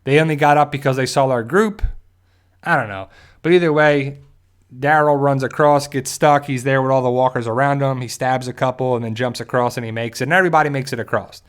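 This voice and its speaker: A man's voice: medium pitch, brisk. A man hosting a live-stream review, talking in a loose, conversational way with frequent asides and restarts. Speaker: host of a TV fan channel.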